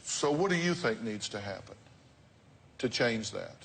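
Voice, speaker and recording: A man's voice: lowish voice, animated, a little slow, vocal fry, fairly bright tone, slight background noise. A man hosting a talk show, giving blunt, direct advice to guests in a lecturing way.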